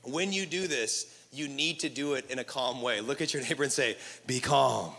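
A male pastor preaching to a live crowd, energetic and casual, leading the room in call-and-response. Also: medium pitch, brisk, slight background noise. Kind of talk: sermon. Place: large hall with live audience. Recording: echoey hall reverb.

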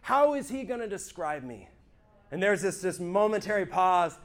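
Very animated and earnest, a man with a high-pitched voice recounts his church testimony for a small group at a moderate pace. Again and again he asks his audience whether they're following him.

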